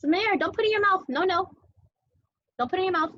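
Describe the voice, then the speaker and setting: A woman's voice: very high voice, lively intonation, fast, sharp tone, highs cut off. A young woman teacher cooking at home while teaching small children, talking in a playful sing-song way and making animal sounds.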